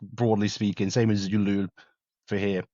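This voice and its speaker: A man's voice: on the low side, level tone, warm tone, dry recording, lo-fi sound. A man from England with a British accent tinged by South African speech, a former soldier talking casually and laughing easily in a podcast interview. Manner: chatty and quick, laughs easily. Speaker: guest, former soldier and wildlife conservationist. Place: home in rural South Africa, remote call.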